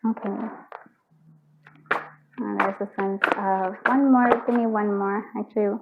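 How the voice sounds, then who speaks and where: Woman, tarot reader, casual rambling chat, filler-heavy, mid pitch, tinny phone-like recording. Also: steady tone, a little slow, gravelly, a little hiss or hum. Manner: rambling and chatty, full of "like" and frequent laughter. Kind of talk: casual pick-a-card tarot reading. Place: at home with her cats. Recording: thin, phone-like sound.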